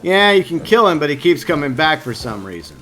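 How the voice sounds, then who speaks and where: A man's voice: a little high, very animated, fairly quick, sharp tone, a little hiss or hum. A man live-streaming a game, rambling casually and answering his viewers by name. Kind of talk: casual gameplay stream commentary.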